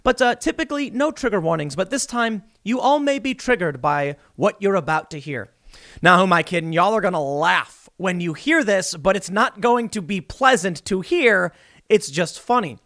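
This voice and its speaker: A man's voice: high-pitched, expressive, moderate pace, fairly bright tone. A man in his thirties hosting a solo political commentary show, talking in a sarcastic, mocking way.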